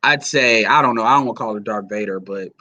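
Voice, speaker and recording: A man's voice: fairly low pitch, fast talker, bright, forceful tone, dry recording, highs cut off. A man giving heated, profane, rambling commentary to his audience. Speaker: commentary vlogger.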